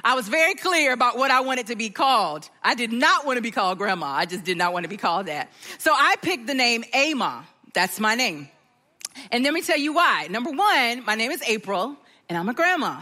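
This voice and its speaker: Middle-aged woman guest speaker; expressive, playful church storyteller with a bright, high voice. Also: normal speed, big-room sound. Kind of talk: church talk.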